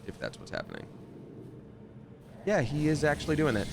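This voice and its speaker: A man streaming a game live, chatting and reading out chat, breaking into loud surprised outbursts. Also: mid-range voice, wildly swooping pitch, normal speed, vocal fry, pauses often, noisy background.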